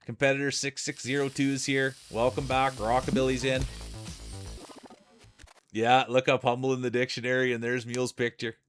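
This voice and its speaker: A man's voice: mid-range voice, level tone, moderate pace, soft background music. A man with a Canadian accent giving chatty play-by-play commentary on a live stream. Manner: chatty play-by-play with frequent laughs.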